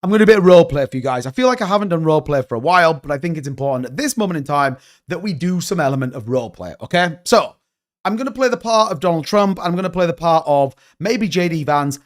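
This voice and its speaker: Animated swearing crypto streamer man. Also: fairly high pitch, fast talker. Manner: animated, swearing, exasperated rants. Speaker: crypto livestream host. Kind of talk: casual livestream commentary.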